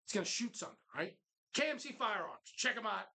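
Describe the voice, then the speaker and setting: A man's voice: sits high, animated, quick pace, gravelly, bright, forceful tone, slightly rough, low-quality recording. A man hosting a live show from a bar, joking loosely and swearing through sponsor plugs. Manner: profane, jokey, reads sponsor plugs with mock voices. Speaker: host. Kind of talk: casual bar-show banter.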